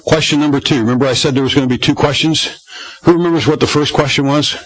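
A man's voice: a little high, steady tone, quick pace, rough recording. A pastor preaching a conversational Bible-study sermon in a folksy way, often asking his congregation questions.

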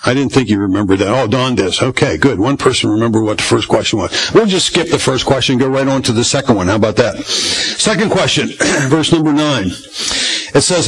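A man's voice: medium pitch, fairly quick, a bit bright, rough recording. A pastor preaching a conversational Bible-study sermon in a folksy way, often asking his congregation questions.

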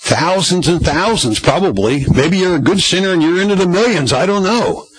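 A man's voice: high-pitched, expressive, moderate pace, slightly rough, rough recording. A man preaching a sermon from the Bible, conversational, with many fillers and repeated phrases. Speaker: pastor.

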